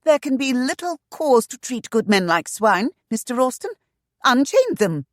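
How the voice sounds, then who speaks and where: A woman voicing a haughty, sharp-tongued young heiress who gives orders without pause. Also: fairly high pitch, very animated, dry recording, studio quality, voice pushed up. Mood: indignant. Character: haughty young lady estate heiress, fiery.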